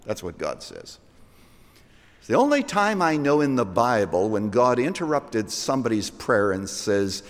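A man preaching a sermon, slow and emphatic, rising to loud peaks and dropping to hushed lines. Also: fairly low pitch, big pitch swings. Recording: long hall reverb.

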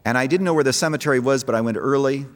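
A man's voice: medium pitch, very fast. A middle-aged man preaching a sermon, telling a story and rising to emphatic calls to believe. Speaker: pastor. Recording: long echo of a large hall.

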